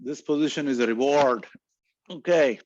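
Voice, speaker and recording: A man leading a yoga class, calmly cueing breath and poses and chanting short mantras. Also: mid-range voice, moderate pace, no echo, highs cut off. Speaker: yoga instructor. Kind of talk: guided yoga instruction.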